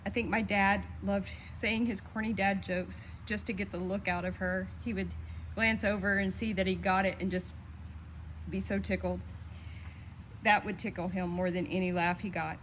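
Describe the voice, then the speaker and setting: A woman's voice: medium pitch, normal speed, slight background noise, low-quality recording. Woman reading a heartfelt eulogy. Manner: steady, heartfelt, fondly reminiscing. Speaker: daughter giving a eulogy. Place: memorial service.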